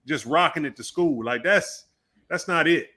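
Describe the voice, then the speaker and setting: Man, podcast co-host, bright forceful tone, insistent, casual chat. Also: on the high side, normal speed. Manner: insistent, argues his point at length.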